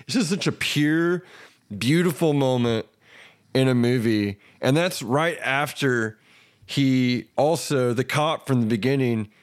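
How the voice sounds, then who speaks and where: A man's voice: medium pitch, a little slow, smooth. Laughing male podcast host. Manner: animated retelling, laughing often. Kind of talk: casual chat.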